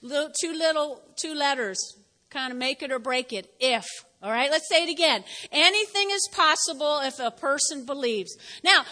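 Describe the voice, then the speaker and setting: A woman pastor gives a lively sermon in a church, speaking straight to her listeners. Her voice sits high and sounds bright and forceful, and a long reverb from the large hall trails after her words. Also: moderate pace. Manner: lively, talks straight to the congregation, acts out quotes. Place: church sanctuary.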